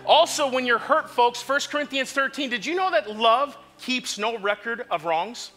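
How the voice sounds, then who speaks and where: Male pastor, high bright voice, fervent sermon that swings from hushed to shouting. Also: animated, normal speed, faint music behind. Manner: impassioned, swings from quiet to shouting. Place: church sanctuary.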